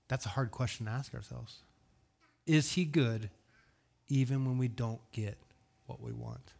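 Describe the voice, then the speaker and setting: Male preacher, mid-pitched, earnest; drops to near-whispers, then lifts for rhetorical questions. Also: creaky. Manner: earnest, swings between hushed and raised delivery. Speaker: pastor. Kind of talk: sermon.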